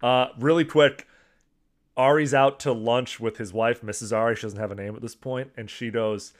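A man's voice: mid-range voice, steady tone, moderate pace. Upbeat man co-hosting a chat. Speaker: podcast co-host. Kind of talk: casual chat.

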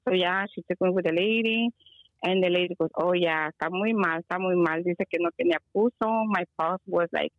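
A woman's voice: fairly low pitch, fairly quick, no echo. A woman guest telling a long story over a call, rambling and mixing in Spanish words. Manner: rambling, mixes in Spanish words, many fillers. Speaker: guest healer. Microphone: phone or video call. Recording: dull lo-fi call audio.

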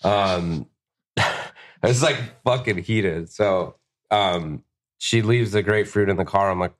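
A man's voice: sits low, takes it slowly. A young man telling a long, profanity-filled story on a podcast, acting out the lines of the people in it. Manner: profane, animated storyteller who acts out quotes. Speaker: guest tattoo artist.

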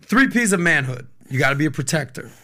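A man hosting a podcast interview, energetic and chummy, calling his guest brother. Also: a little high, fast. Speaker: podcast host.

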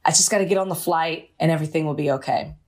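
A woman's voice: deep voice, quick pace, darkish tone. Chatty woman co-hosting a podcast. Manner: chatty, laughs easily, storytelling. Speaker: podcast co-host. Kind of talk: casual chat.

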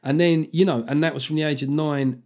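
A podcast host from South London, England, this man speaks a little high with fairly even intonation, a brisk pace and a darkish tone. He hosts casually, rambling, swearing freely and poking fun at himself along the way.

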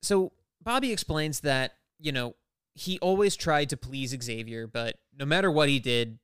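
A man's voice: medium pitch, normal speed, a bit bright, clear, resonant tone, dry recording, studio quality. A man co-hosting a podcast, explaining comic backstory in casual chat and often correcting himself mid-sentence. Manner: rambling, self-correcting explainer. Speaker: podcast co-host, comics expert. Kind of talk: casual chat recapping an episode.

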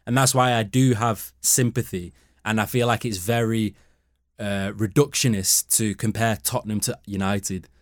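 Lowish voiced guy ranting about football tactics, dry close mic, pretty fired up. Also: steady tone, moderate pace, no room sound. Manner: emphatic, opinionated. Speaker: football podcast panelist. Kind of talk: casual football debate.

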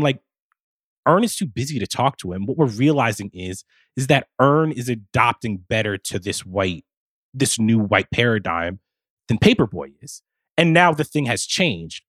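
A man co-hosts a podcast as a music reporter, his pitch swinging lively up and down as he breaks down what he's watched. He speaks in a casual, analytical way, and the mic catches him close and dry. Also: no echo.

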